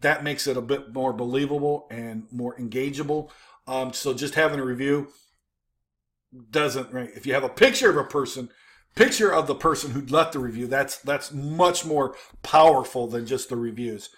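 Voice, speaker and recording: A man giving a casual, informal commentary while critiquing websites on his screen, talking with many fillers and restarts and punching points with an emphatic "boom.". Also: normal speed, a bit bright.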